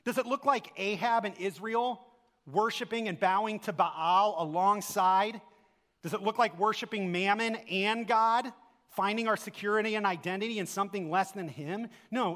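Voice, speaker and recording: A man's voice: high-pitched, a bit bright. A man preaching a sermon as pastor, earnest and full of rhetorical questions, recorded in a church sanctuary. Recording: long hall reverb.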